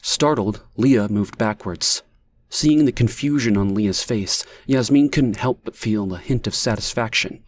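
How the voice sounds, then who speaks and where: A man reading an audiobook in a measured, even manner, as the narrator. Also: on the low side. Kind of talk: scripted narration.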